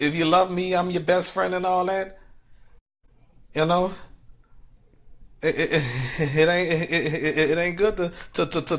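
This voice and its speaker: Upset, stammering New man. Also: a little high. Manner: stammers, repeating words several times; ends phrases with a soft, trailing "you know?". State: upset and near tears. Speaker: livestreamer. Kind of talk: rambling personal livestream monologue.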